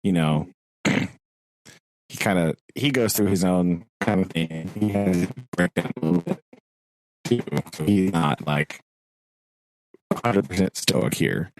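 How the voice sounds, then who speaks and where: A man's voice: deep voice, takes it slowly, long pauses, soft background music, poor audio. A man co-hosting a podcast, chatting casually and animatedly about a novel, laughing often and quoting characters. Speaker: podcast co-host. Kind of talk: casual book discussion.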